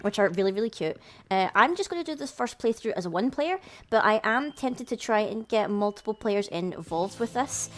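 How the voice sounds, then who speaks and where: A woman's voice: medium pitch, lively intonation, moderate pace, faint music behind. Upbeat young woman chatting over gameplay. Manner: chatty and upbeat, with frequent fillers. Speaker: let's play host. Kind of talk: casual gameplay commentary.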